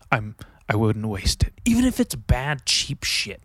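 A man's voice: fairly low pitch, sing-song, unhurried, few pauses, a bit bright, no echo. A man hosting a solo podcast, rambling casually with lots of swearing and self-mockery. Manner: profane, rambling, self-mocking. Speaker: podcast host.

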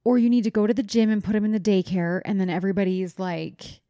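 A woman's voice: medium pitch, quick pace, mellow. A young woman co-hosting a chatty podcast, telling a story with lots of energy and casual swearing. Her voice sits in a middle range and the sound is close and dry, with no room echo. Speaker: podcast co-host. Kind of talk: casual chat.

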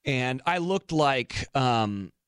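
A young man co-hosting a podcast, telling a funny story in casual chat with animated, laughing delivery. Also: mid-range voice, drawn-out words, smooth, dry recording, studio quality. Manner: animated, laughing storyteller who acts out quotes. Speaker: podcast co-host.

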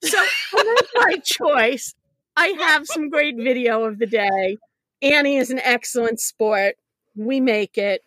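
Lively, animated middle-aged woman storyteller. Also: fairly high pitch, unhurried, no room sound, studio quality. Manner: animated, laughs often, self-deprecating. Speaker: podcast guest. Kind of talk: conversational storytelling.

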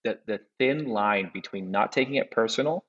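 A man, a custom home builder, talks as a podcast guest. His voice sits low and comes through a dull, lo-fi line with a long reverb. He speaks reflectively and stumbles over repeated words. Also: moderate pace, a bit bright. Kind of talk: casual conversational chat.

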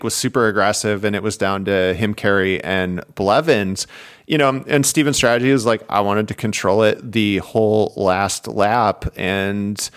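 A man co-hosting a casual cycling podcast, retelling races and acting out quotes with big pitch jumps. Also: fairly bright tone. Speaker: podcast co-host. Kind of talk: casual chat about bike racing.

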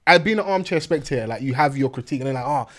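A young man, co-hosting a podcast in slangy, animated casual chat and laughing often. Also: medium pitch, rapid-fire. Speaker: podcast co-host.

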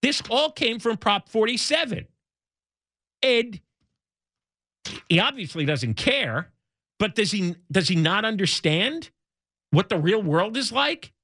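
Indignant high-pitched talk radio man. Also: big pitch swings, takes it slowly, long pauses, bright, forceful tone, no room sound, clean studio sound. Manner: indignant, sarcastic, emphatic. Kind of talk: opinionated talk radio monologue.

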